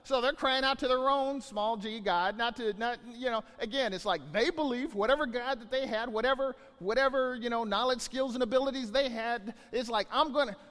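A man preaching a sermon as pastor, animated, often repeating words as he acts out scenes. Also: extremely high pitch, fairly quick, hardly any pauses, big-room sound.

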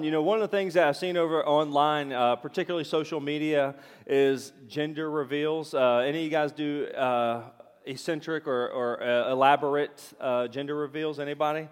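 A man's voice: a little high, fairly even intonation, moderate pace, clear, resonant tone. Chatty man preaching in a hall. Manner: conversational, rambling with many fillers and asides to the congregation. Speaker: pastor. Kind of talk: sermon. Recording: reverberant hall.

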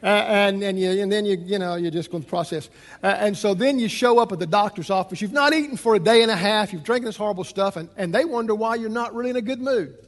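Animated preacher in a reverberant hall. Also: male voice, high voice, fast. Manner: animated, acts out the people in the story. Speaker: pastor. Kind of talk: sermon.

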